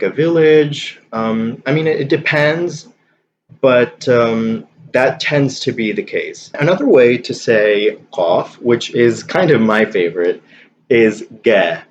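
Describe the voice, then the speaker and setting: A man's voice: medium pitch, a little hiss or hum. A man teaching a spoken-Arabic lesson in a conversational, hedging way, walking through examples one by one. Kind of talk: casual explanatory lesson. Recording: slightly dull lo-fi audio.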